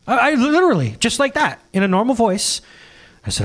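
Male pastor in his thirties, high voice with big swings, animated and jokey sermon delivery. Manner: animated, jokey storytelling with laughs and quick asides.

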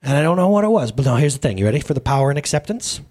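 A thirty-something pastor fires off a casual, humorous sermon at rapid speed in a mid-range voice. During the church service he tells stories animatedly and jokingly, with asides to the congregation.

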